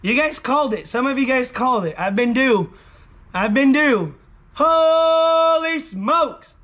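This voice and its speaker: Hoarse from yelling his catchphrases, a man with an extremely high pitch talks casually to viewers in his lottery ticket scratching vlog. He's animated and moves at a moderate pace, sitting near a camera on an indoor table.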